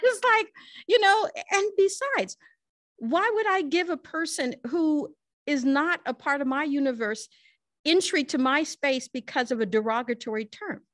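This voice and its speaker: A woman lecturer answering audience questions, speaking earnestly with frequent restarts and quick laughs. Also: fairly high pitch, dry recording, studio quality. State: tearful at times. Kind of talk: lecture Q&A, personal storytelling. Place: library lecture room.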